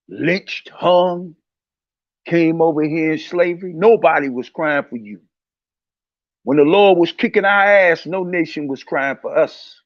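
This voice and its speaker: A man's voice: high voice, no room sound. Heated preachy man, dull lo-fi sound. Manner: heated, preachy, repeats himself. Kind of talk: casual religious commentary.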